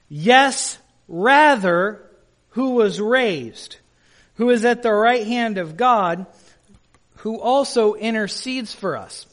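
A male pastor preaching a sermon in an emphatic way, putting questions to the congregation. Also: high-pitched.

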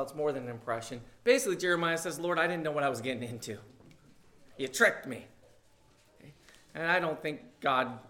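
Pastor guy, pretty high voice, chatty sermon that jumps loud on key words. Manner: conversational preaching with sudden loud emphasis.

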